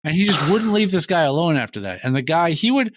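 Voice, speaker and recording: A man's voice: fairly high pitch, fast talker, no room sound. A middle-aged man co-hosting a podcast, telling an anecdote in casual chat and acting out the lines of the people in it. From Minnesota. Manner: animated retelling, acting out other people's lines. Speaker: podcast co-host.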